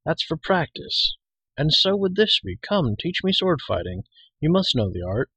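A man's voice: fairly high pitch, unhurried, slightly rough, no room sound, voice pushed up, full character voice, poor audio. A man voicing an eager, impatient teenage apprentice boy in a storybook reading. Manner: pleading, excitable.

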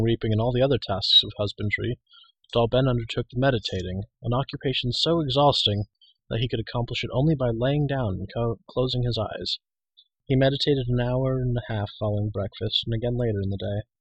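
A man reading a fantasy novel aloud in a steady, measured way. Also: mid-range voice, breathy edge, dry recording, low-quality recording. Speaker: reader. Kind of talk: audiobook reading.

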